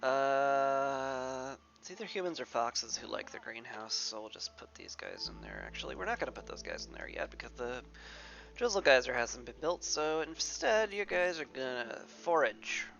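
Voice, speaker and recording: Her voice is extremely low and creaky yet fairly bright, and she's very animated at a moderate pace. This stuffy-nosed woman streamer keeps up wry, sarcastic self-talk while playing a game in a let's play commentary. Faint music plays behind a slightly dull recording.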